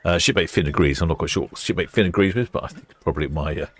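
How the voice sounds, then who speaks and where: Deep-voiced chatty man. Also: quick pace. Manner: chatty, self-mocking, thinks aloud. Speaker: live stream host. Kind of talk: casual live commentary reading viewer chat.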